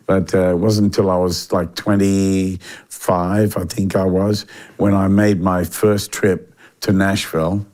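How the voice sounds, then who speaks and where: An older man, telling a long story in a relaxed interview, with lots of fillers and restarts. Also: low-pitched. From Australia. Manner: animated anecdotal delivery with frequent fillers and restarts. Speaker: interview guest.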